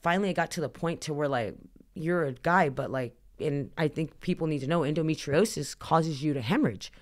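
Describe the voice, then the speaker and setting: A woman's voice: low voice, a little fast. A woman in her thirties, a podcast guest, telling her personal story candidly in a chatty way, full of "like" and acted-out dialogue. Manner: chatty, heavy use of "like", acts out dialogue.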